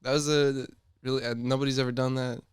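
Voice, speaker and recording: A man's voice: mid-range voice, level tone, fast talker, clear, resonant tone, dry recording, studio quality. A young man co-hosting a podcast, telling stories in a laid-back, casual way and acting out what people said. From Minnesota, USA. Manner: laid-back storytelling, acts out quotes. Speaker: podcast co-host. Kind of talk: casual chat.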